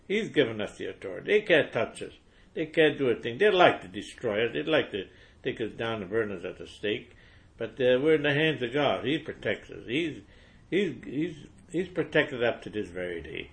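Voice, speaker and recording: A man reads scripture aloud in a medium-pitched voice and stops often to preach about it. His delivery is impassioned, with repeated words and steady climbs to forceful emphasis. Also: moderate pace, vocal fry. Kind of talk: scripture reading with fervent commentary.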